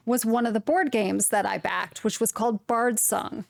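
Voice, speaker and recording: A young adult woman hosting a knitting podcast, chatting casually in a rambling, animated way. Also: on the high side, moderate pace, gravelly, dry recording. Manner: rambling, animated, swearing mildly. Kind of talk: casual chat to camera.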